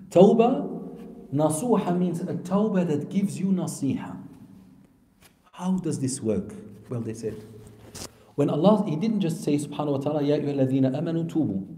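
A man preaching a sermon who swings between loud, emphatic lines and soft, low asides, often asking the audience questions and answering them himself. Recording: echoey hall with long reverb.

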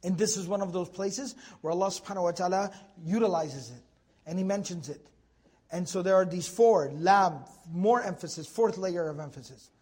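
A man teaching a Quran commentary lesson to a class, animated and joking with his students, repeating words for emphasis. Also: sits high, moderate pace, slightly rough.

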